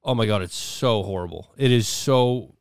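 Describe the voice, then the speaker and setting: A man's voice: lowish voice, normal speed, smooth, no room sound, clean studio sound. A man hosting a casual podcast chat, reacting and swearing freely.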